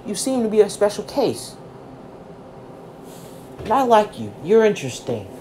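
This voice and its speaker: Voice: mid-range voice, very animated, measured pace, mellow, a little hiss or hum, voice pushed up. The narrator voicing a grand adult male hero mentor who speaks formally. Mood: encouraging.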